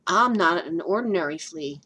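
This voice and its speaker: A woman's voice: on the low side, expressive, normal speed, sharp tone, slight background noise. A woman voicing a hopeful lonely stray dog. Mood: plaintive. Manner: earnest, a little plaintive. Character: young male stray dog, gentle and hopeful.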